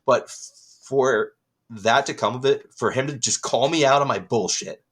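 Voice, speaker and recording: A man's voice: medium pitch, moderate pace, fairly bright tone. A young man co-hosting a podcast, telling a long rambling story in casual chat and swearing freely. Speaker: podcast co-host.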